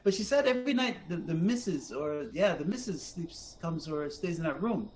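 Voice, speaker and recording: Male podcast co-host, lively storyteller, slightly higher pitch, does the voices in his quotes. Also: moderate pace, slight background noise. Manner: animated, acts out quotes, laughs often. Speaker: podcast co-host telling ghost stories. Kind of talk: casual storytelling chat.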